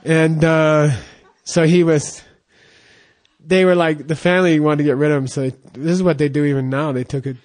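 A male Buddhist monk telling a teaching story in a loose, rambling way, full of fillers and restarts. His voice sits a bit high for a man, and he chats more than he preaches. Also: fairly even intonation, darkish tone. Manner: rambling, halting, with fillers and laughs.

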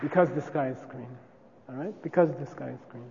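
A man's voice: medium pitch, brisk, gravelly, long reverb tail, dull audio, very noisy. A man teaching a class casually, often checking with "okay?" and demonstrating chants aloud.

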